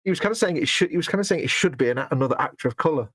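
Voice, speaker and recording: A man's voice: fairly high pitch, animated, racing, fairly bright tone, slight background noise. A British man co-hosting a live painting stream, chatting casually and jokily, often sounding incredulous. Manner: incredulous, jokey, puts on silly voices. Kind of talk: casual chat while painting miniatures.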